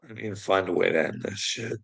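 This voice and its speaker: A man's voice: deep voice, fast talker, gravelly, fairly bright tone, breathy edge. A man ranting to his live chat in a sarcastic, mocking way, swearing heavily and often breaking into laughter. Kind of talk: profane livestream rant to chat.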